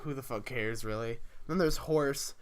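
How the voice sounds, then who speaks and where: A man's voice: medium pitch, moderate pace. A man co-hosting a casual podcast, sarcastic and profane, acting out scenes in silly voices as he recaps. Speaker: podcast co-host. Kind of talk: casual chat.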